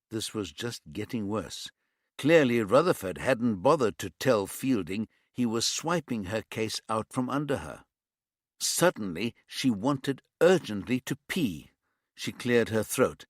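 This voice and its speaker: A man reading a crime novel as audiobook narrator, in an even, measured storytelling manner. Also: lowish voice, dry recording, studio quality.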